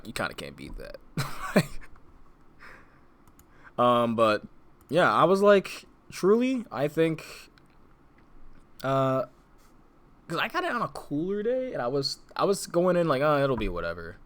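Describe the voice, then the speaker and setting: A man's voice: mid-range voice, very animated, moderate pace, pauses often, a bit bright. A young man co-hosting a casual podcast, rambling with lots of fillers, restarts and laughs. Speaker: podcast co-host. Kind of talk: casual chat.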